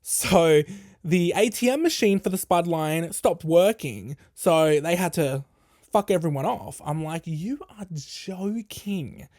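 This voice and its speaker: Guy with a high voice ranting on his podcast, cussing a lot, doing everyone's lines. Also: measured pace, no echo, studio quality. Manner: animated, profane, acts out quoted people. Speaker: podcast host. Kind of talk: casual storytelling monologue.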